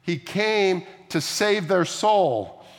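A man's voice: sits high, lively intonation, very slow. Man preaching in a reverberant hall. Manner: conversational preaching with asides. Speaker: pastor. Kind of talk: sermon.

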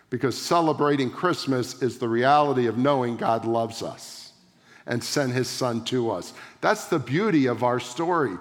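A middle-aged man preaching a sermon from the front of his church, emphatic and slowing down to stress key words. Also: medium pitch. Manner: emphatic, varying pace for stress. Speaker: pastor. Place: church sanctuary. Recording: long church reverb.

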